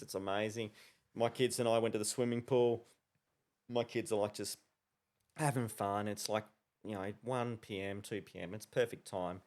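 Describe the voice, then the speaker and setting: A man, a podcast co-host telling a lively story in casual chat, laughing often. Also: fairly low pitch. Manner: animated storytelling with laughs and slang.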